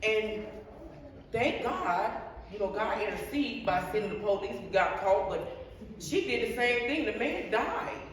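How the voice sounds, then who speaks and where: Heard through a distant mic in a reverberant hall with faint noise, a middle-aged guest gives personal testimony about her life. Her mid-range voice is animated, her pace measured, and she speaks earnestly, often repeating herself.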